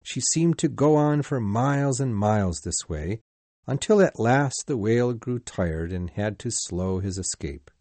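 A man narrating a storybook in a deliberate, expressive manner. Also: medium pitch, no room sound. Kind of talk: scripted audiobook narration.

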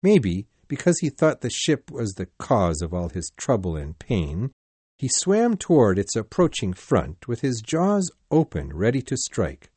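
A man narrating a sea story in a deliberate, clearly paced reading. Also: on the low side, wildly swooping pitch, darkish tone, no echo. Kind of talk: slow simplified-English story reading.

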